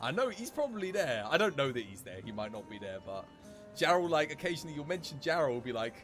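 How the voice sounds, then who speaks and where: A man's voice: a little high, sing-song, fast talker, a bit bright, soft background music. A young man streaming a game, chatting casually with viewers, joking and swearing now and then. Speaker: gaming streamer. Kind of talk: casual livestream chat while playing.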